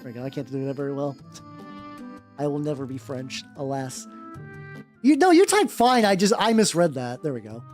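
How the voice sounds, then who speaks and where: A man with a naturally high voice chatting casually on a livestream while painting miniatures, rambling and swearing freely. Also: sing-song, moderate pace, long pauses, a little mellow, soft background music. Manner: rambling, many fillers and restarts, swears freely.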